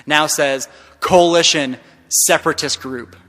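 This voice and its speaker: A man delivers a keynote talk in a large hall, and the long reverb trails his voice. He speaks with a bright, forceful tone that sits a little high for a man. His storytelling is impassioned, swinging between hushed passages and loud ones. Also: fairly even intonation, measured pace.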